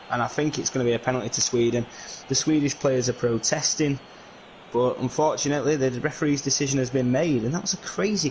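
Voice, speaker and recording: A man from England, commentating solo on a video game football match in lively play-by-play that is full of fillers. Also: mid-range voice, background noise.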